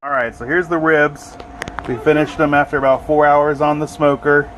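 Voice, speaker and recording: Upbeat barbecue vlogger outdoors, noisy. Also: male voice, a little high, moderate pace. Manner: relaxed, upbeat, plainspoken. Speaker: barbecue channel host. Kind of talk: casual cooking vlog. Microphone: phone camera. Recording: noisy outdoor phone recording.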